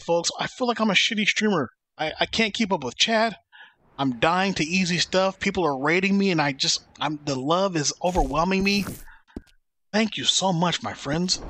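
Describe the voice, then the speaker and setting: A man's voice: on the high side, bright, forceful tone. A man streaming a video game, joking and rambling as he thanks chat by name. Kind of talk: casual live-stream chat.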